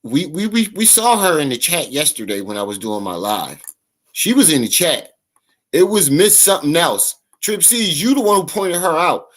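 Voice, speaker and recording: A man's voice: fairly high pitch, very animated, moderate pace, fairly bright tone. A man hosting a livestream, giving mocking, incredulous reaction commentary full of profanity. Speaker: livestream host.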